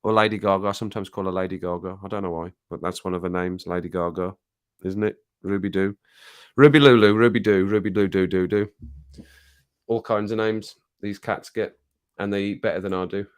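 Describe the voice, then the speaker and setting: A man's voice: low voice, steady tone, a little fast, smooth. A middle-aged man from England hosting a casual live chat, reading out comments, laughing often and baby-talking to his cat at home. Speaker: livestream host.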